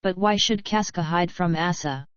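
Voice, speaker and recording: A woman's voice: on the low side, moderate pace, no echo, lo-fi sound, close to an everyday voice. A woman doing a stern threatening warrior. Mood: formal. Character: stern, commanding male warrior bluffing as a feared spirit.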